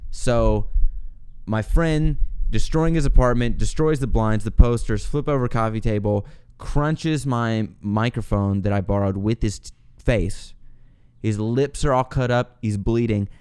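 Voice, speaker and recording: A young man hosting his own podcast, telling a story in a casual, animated way, swearing, laughing and acting out what people said. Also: lowish voice, a little slow, smooth. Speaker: podcast host.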